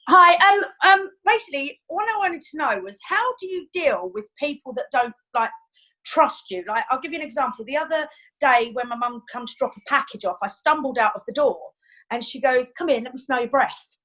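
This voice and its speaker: A woman from the United Kingdom asking a question on a video call, agitated and rushing through her story with lots of fillers. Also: sits high, lively intonation, pushed and bright, poor audio. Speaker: group member asking a question.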